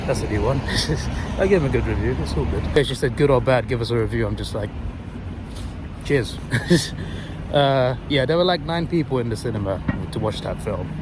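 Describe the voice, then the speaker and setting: A young man chatting casually to his phone, rambling and correcting himself as he tells a story. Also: medium pitch. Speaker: vlogger. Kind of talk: casual chat. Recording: noisy street with traffic. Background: passing cars and urban street noise.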